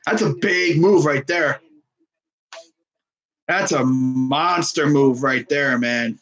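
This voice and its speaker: A young man casually commenting on a live sports stream, excitable and rambling. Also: on the high side, slow pace, faint music behind, low-quality recording. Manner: excitable, rambling, laughs often.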